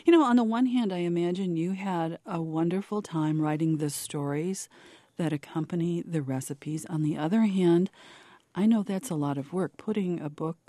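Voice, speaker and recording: Co-host: a woman with a dark mellow voice, friendly questions, dry studio sound. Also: on the low side, normal speed, no room sound. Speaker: radio co-host. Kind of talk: casual radio interview. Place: radio studio. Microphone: studio mic.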